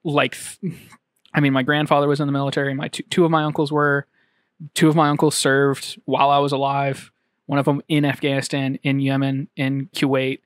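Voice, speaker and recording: A man co-hosting a podcast, talking casually at a studio microphone with halting restarts and lots of ums. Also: medium pitch, completely flat delivery, no echo. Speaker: podcast co-host. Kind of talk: casual chat.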